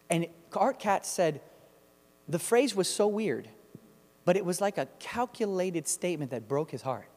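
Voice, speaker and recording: A man preaching a sermon, telling stories in an animated, emphatic way. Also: fairly high pitch, normal speed, big-room sound. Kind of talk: sermon with storytelling.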